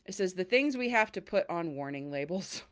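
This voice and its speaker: A woman with a lowish voice speaks at a normal pace as she hosts a podcast. In a casual chat she tells stories animatedly, acting out the voices of the people she quotes.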